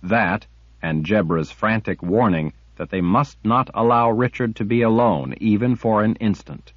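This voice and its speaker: A man narrating a fantasy audiobook with measured, dramatic storytelling. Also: on the low side, expressive, no room sound. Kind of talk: scripted narration. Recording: dull lo-fi audiobook recording.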